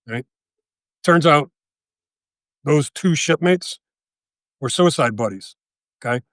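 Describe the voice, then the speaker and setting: A man in his sixties, a guest telling a story in a casual interview, animated and profane, often checking with "right?". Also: a little high, slow, long pauses, no room sound, clean studio sound. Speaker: guest, author and veteran.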